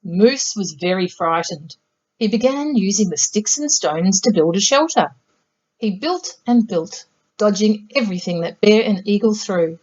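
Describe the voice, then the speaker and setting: Slow, gentle woman reading a picture book. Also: mid-range voice, lively intonation, lo-fi sound. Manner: gentle, measured storytelling. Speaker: storybook reader. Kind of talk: children's picture book read-aloud.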